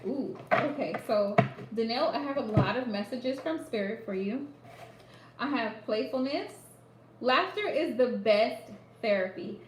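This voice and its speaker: A woman's voice: a little high, expressive, a little slow, a little hiss or hum. A woman giving a live psychic reading, speaking straight to the listener and repeating phrases for emphasis. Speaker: psychic reader. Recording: echoey room.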